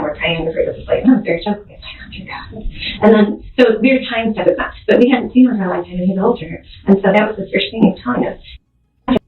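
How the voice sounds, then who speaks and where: A woman gives a halting, emotional, rambling account of events in an interview. The recording is tinny and echoey, captured from a distance with faint noise. Her pitch sits in the middle range. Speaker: witness recounting events.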